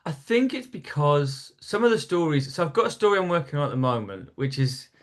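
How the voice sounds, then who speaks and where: A man's voice: a little high, sing-song, brisk. A man from North East England, a stand-up comedian, telling stories in a casual podcast chat with frequent restarts. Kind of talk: storytelling in casual interview.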